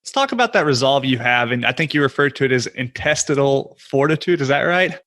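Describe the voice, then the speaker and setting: A man's voice: mid-range voice, expressive, a little fast, fairly bright tone. A man hosting an interview podcast, asking open questions in a friendly way. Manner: friendly, asks open questions, laughs along. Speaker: podcast host. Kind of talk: casual interview.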